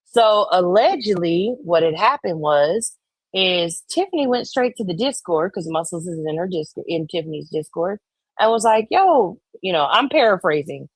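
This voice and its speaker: Expressive at a normal speed, a woman with a lowish, breathy-edged voice hosts a livestream, profanely and casually discussing online drama. She's conspiratorial, reading chat out loud and voicing the people she quotes, in a dry recording.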